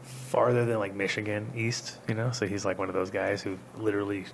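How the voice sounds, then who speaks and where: Male host, gravelly low voice, casual storyteller who swears and laughs a lot. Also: steady tone, brisk, a little hiss or hum. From Rhode Island.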